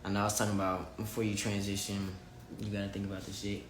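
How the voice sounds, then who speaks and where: A man's voice: fairly low pitch, monotone, quick pace, reverberant, a little hiss or hum. A man livestreaming casual chat to his viewers and reading their comments, candid, profane and emphatic. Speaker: vlogger talking live to viewers.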